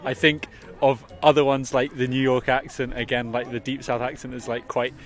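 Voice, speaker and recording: A man from England answers questions outdoors on an urban street, chatty and loose, filling gaps with likes. His voice sits at an ordinary middle pitch. Clear music runs over the recording. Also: little pitch movement, normal speed. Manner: chatty, filler-heavy. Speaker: street interviewee. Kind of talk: casual street interview answer.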